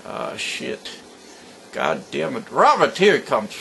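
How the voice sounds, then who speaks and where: A grumpy old man rambling through a joke at home, swearing constantly. He speaks slowly, and his pitch rises and falls widely. A faint hiss sits behind him. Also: very animated, gravelly, fairly bright tone. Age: older. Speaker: joke teller. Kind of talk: casual joke telling to camera.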